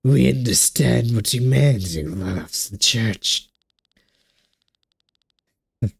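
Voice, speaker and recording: A man putting on a gravelly, hissing voice to read the lines of an arrogant, preachy ancient male ruler in a video game. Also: mid-range voice, no echo, studio quality, heavily acted. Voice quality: gravelly strained put-on voice. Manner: hissing half-whispered villain delivery. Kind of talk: reading game dialogue aloud in character.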